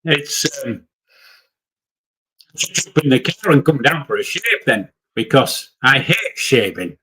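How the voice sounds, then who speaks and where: Older yorkshire fella, blunt and grumbly, bright edgy voice. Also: male voice, mid-range voice, animated, measured pace, breathy edge, low-quality recording. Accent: Yorkshire English. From Yorkshire, England. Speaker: livestream co-host. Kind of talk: casual chat.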